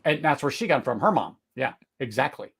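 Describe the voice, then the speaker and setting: Man, middle-aged, gravelly voice, mid pitch, casual tasting host, halting, excitable. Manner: halting, searching for words, bursts of excited exclamations. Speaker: whisky tasting livestream host. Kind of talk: casual live tasting chat.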